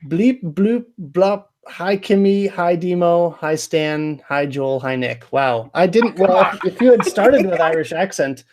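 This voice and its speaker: A man's voice: a little high, lively intonation, measured pace, hardly any pauses, darkish tone. A man in a casual livestream chat who teases his friends and reads out viewer comments. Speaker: livestream co-host.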